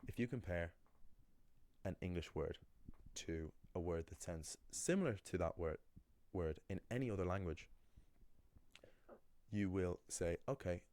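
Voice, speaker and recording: A man teaching pronunciation in a casual video lesson, talking in an animated way and acting out the voices he quotes. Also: low-pitched, measured pace. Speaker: language teacher.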